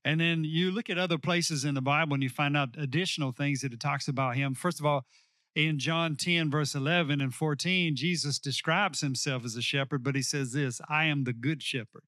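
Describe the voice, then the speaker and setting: A male pastor preaching a sermon, slowing down to stress key lines and calling on the congregation to repeat after him. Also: a little high, steady tone, pushed and bright, no room sound, studio quality. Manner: preaching with call-and-response to the congregation.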